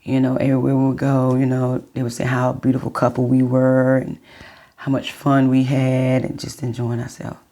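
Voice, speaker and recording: A middle-aged woman vlogging, telling her viewers a personal story in a chatty, unhurried way. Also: a bass voice, monotone, warm tone.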